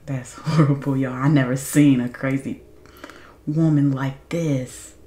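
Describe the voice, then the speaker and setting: A woman hosting a movie reaction, outspoken and loud, laughing often and talking straight to her viewers. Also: very deep voice, fairly even intonation, a little slow, reverberant. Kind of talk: casual reaction commentary to viewers.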